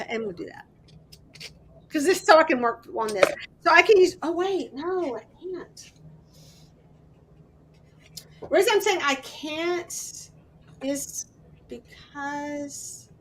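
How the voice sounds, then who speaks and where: A woman with a high, bright, forceful voice hosts a casual miniatures crafting livestream, sounding short on sleep. She chats away, thinks out loud as she works, and greets viewers by name.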